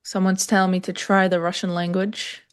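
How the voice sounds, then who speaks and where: A woman's voice: medium pitch, level tone, moderate pace, clean tone. Woman live-stream co-host, mid-range voice, casual and filler-heavy with the chat. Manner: loose, filler-heavy, talks to chat viewers.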